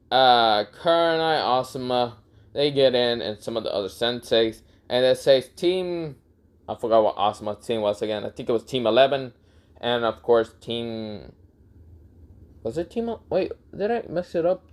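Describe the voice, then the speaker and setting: A young man narrates an improvised story in a casual, rambling way, swearing freely and stumbling through fillers and corrections. His pitch is lively and moves around a lot as he talks. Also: unhurried. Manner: rambling, crude, full of fillers.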